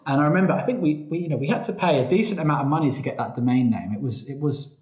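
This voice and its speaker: A man's voice: a little high, racing, a little mellow. A man telling his story as a podcast guest, chatty, often quoting himself and restarting sentences. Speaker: podcast guest, travel company founder. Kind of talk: casual interview storytelling. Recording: roomy, slightly dull sound.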